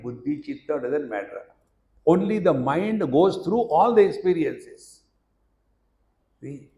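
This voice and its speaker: A man's voice: medium pitch, warm tone, roomy sound. A man with an Indian English accent giving a spiritual discourse, telling stories that act out dialogue and chanting Sanskrit verses. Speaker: spiritual teacher. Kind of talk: discourse on scripture.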